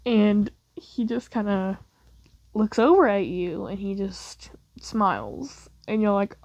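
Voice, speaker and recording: A woman's voice: medium pitch, lively intonation, takes it slowly, darkish tone, no echo, highs cut off. A young woman telling a second-person fan story in a casual, rambling way, filling her speech with "like". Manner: casual, rambling, heavy use of "like".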